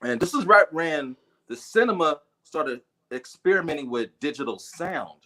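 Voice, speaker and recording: Lively, animated middle-aged man telling stories. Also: on the high side, normal speed. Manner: animated, profane, acts out voices. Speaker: guest storyteller. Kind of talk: casual livestream storytelling.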